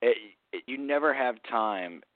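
A man's voice: mid-range voice, expressive, a little slow, no echo, narrow, tinny audio. A man co-hosting a podcast, talking in a profane, rambling way and laughing often. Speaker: podcast co-host. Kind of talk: casual crude chat.

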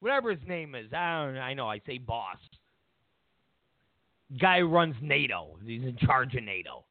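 A man's voice: medium pitch, very animated, normal speed, no echo. Emphatic man on a tinny line. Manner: emphatic, mocking, repeats himself. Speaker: host. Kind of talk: political commentary monologue. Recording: dry, tinny phone-like sound.

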